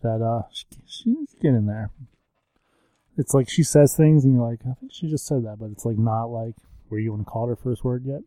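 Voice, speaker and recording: A man in his thirties co-hosts a casual podcast, joking and teasing his friend. His voice is mellow and dark at a middle pitch, recorded close and dry. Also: moderate pace, no room sound, low-quality recording. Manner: joking, playful, slips into silly voices. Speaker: podcast co-host. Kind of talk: casual chat.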